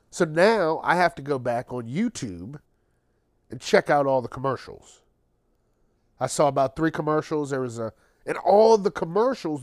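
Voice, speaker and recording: Slow, profane ranting man, podcast host. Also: a little high, dry recording, clean studio sound. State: tired, late at night. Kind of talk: casual solo monologue.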